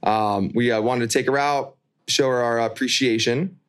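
A man's voice: mid-range voice, fairly even intonation, moderate pace, clear, resonant tone. Man, podcast co-host, casual storyteller who laughs often. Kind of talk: casual chat. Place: New York.

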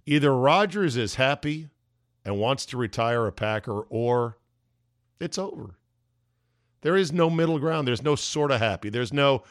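A man hosting a podcast, delivering an emphatic, ranting opinion monologue with sarcastic asides, his voice going hoarse. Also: mid-range voice, lively intonation, unhurried, long pauses, no echo, clean studio sound. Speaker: podcast host.

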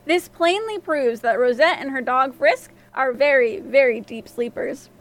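A woman narrating a fairy tale as storyteller of a podcast, reading in an expressive way. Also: sits high, a little slow.

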